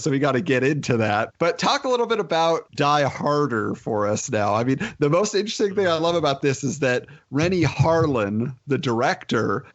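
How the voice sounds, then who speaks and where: A man hosting a podcast, chatting casually and telling behind-the-scenes stories with quoted asides. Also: mid-range voice. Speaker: podcast host. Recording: muffled lo-fi podcast audio.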